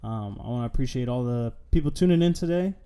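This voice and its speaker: Male podcast host, laid-back, dark mellow voice, hesitant. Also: mid-range voice, expressive, quick pace, smooth. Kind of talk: casual podcast chat.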